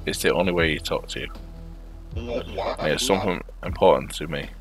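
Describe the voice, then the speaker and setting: A man reading aloud the lines of a fatherly, sentimental old fight coach in a video game, in a flat, plain voice. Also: low voice, fairly quick, music in the background, natural voice.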